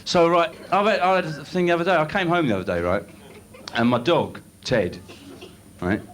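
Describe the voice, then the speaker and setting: A young man doing live stand-up on a club stage, telling rambling stories in a deadpan way with asides. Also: on the high side, normal speed. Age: young adult. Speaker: stand-up comedian. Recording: noisy old videotaped club show.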